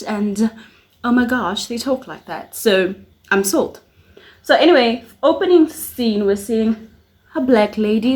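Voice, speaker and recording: Chatty young woman vlogger. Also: medium pitch. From South Africa. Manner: chatty and lively, full of fillers and asides. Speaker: YouTuber. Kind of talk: casual series recap vlog. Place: at home at her makeup mirror.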